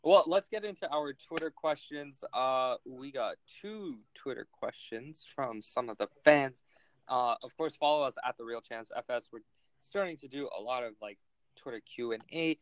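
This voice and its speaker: A man's voice: mid-range voice, normal speed, no room sound, low-quality recording. A man hosting a casual sports podcast, joking and teasing as he reads fan questions. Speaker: podcast host.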